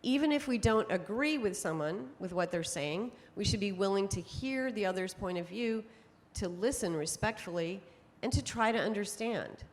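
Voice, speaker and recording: A middle-aged woman giving a conference talk to an audience, telling stories in a lively way and laughing often. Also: medium pitch, normal speed, few pauses, slight background noise. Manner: lively storytelling with frequent laughs. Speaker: speaker on temperament psychology. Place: conference hall. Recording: long hall reverb.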